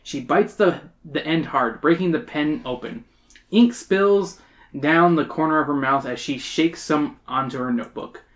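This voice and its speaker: A podcast host reading a storybook aloud and trading jokes with friends between passages. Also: mid-range voice. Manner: joking, quick asides. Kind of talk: casual read-aloud with banter.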